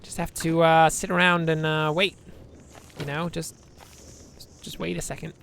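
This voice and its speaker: A man's voice: a little high, level tone, a little slow, gravelly, fairly bright tone, slight background noise. A man giving rambling, joking let's-play commentary, chatting to viewers with self-deprecating asides. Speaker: gameplay commentator.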